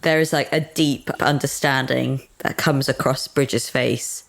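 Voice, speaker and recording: A woman playing a tabletop game, gently describing her character's gestures and words. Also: very deep voice, steady tone, a little slow, gravelly. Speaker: player.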